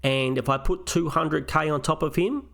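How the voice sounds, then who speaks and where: Male host, gravelly texture, casual solo review, talks through choices out loud. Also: a little high, normal speed. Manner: thinks aloud, weighing options step by step. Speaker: fantasy football channel host.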